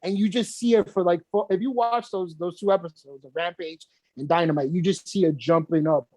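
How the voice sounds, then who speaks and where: A man co-hosting a podcast, telling a story in casual chat, animated and swearing freely. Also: sits high, fairly quick, no echo. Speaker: podcast co-host.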